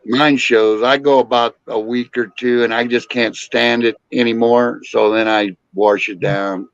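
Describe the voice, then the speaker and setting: A man's voice: medium pitch, fairly even intonation, unhurried, no echo, highs cut off. A man chatting casually, blunt and joking about bikes. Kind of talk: casual chat.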